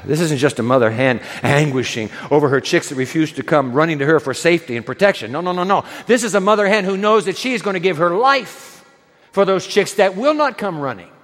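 High-voiced dramatic preacher in a reverberant hall. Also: male voice, lively intonation, brisk. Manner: dramatic storytelling, drops to soft emphasis. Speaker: pastor. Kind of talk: sermon.

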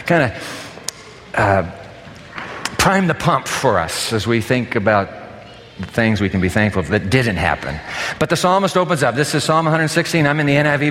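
A man's voice: mid-range voice, in a large hall. Older male pastor preaching, conversational. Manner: animated, conversational, emphatic. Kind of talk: sermon. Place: church sanctuary.

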